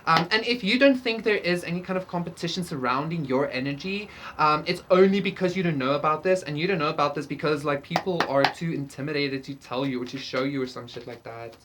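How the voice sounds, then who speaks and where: Low-voiced woman rambling through a tarot reading. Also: a little fast, few pauses, background noise. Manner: rambling, profane, lots of fillers, laughs often. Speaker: tarot reader. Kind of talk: casual pick-a-card tarot reading.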